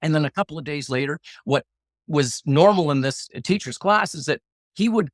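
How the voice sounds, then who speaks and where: Animated male storyteller, fairly high voice. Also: moderate pace, no echo. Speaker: guest, former hostage negotiator. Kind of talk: storytelling in a podcast interview.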